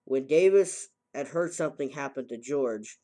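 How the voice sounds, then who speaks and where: A man's voice: medium pitch, animated, moderate pace, dark tone. Rambling man in an echoey room. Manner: rambling, self-correcting storyteller. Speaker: game reviewer. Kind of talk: casual plot recap. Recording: very echoey, voice far from mic.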